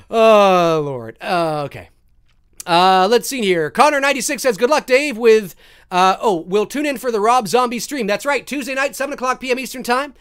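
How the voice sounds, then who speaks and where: A man's voice: high-pitched, a little fast, clear, resonant tone. A man hosting a live stream, chatting casually with viewers and telling stories with plenty of swearing and acted-out moments. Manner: animated, swears freely, acts out scenes. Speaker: live-stream host answering viewer questions.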